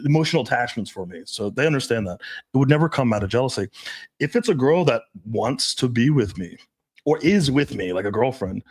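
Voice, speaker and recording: Animated young man, casual podcast chat. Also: medium pitch, breathy edge. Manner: animated, swears, acts out quoted voices. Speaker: dating coach, podcast host.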